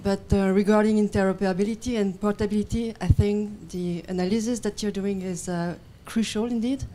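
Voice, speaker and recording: A woman speaking from the audience at a conference, careful and halting. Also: mid-range voice, fairly even intonation, mellow, slight background noise. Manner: careful, halting, many fillers. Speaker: audience member. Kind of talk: asking a question at a conference. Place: conference hall.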